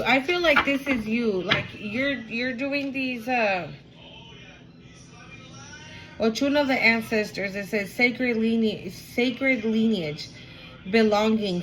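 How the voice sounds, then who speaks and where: A woman's voice: fairly high pitch, fairly bright tone, rough recording. A woman giving a casual, emotional spiritual card reading to her viewers, repeating herself and swearing now and then. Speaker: tarot reader.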